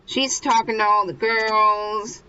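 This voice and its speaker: A woman's voice: mid-range voice, steady tone, slow pace, bright, forceful tone, clean tone, muffled recording. A young woman casually recapping a manga chapter, rambling and restarting as she goes. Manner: rambling, acts out characters. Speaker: manga reader.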